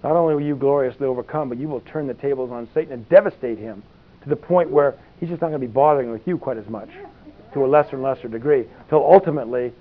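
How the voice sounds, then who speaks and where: A man of medium pitch preaches quickly in a chatty, folksy manner, wandering through many asides and peppering his talk with "you know." The recording sounds thin, like a phone.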